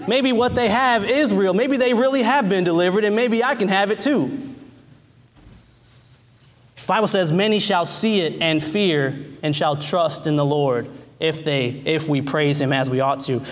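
A man's voice: sits high, a bit bright, big-room sound. A man preaching a sermon, earnest and folksy, who acts out little scenes as he speaks. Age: adult.

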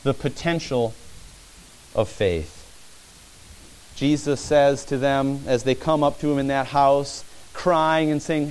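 A man's voice: mid-range voice, slow pace, pauses often, a little mellow, clean tone, poor audio. A man preaching a sermon as pastor, earnest and repetitive, often addressing the listeners as friends.

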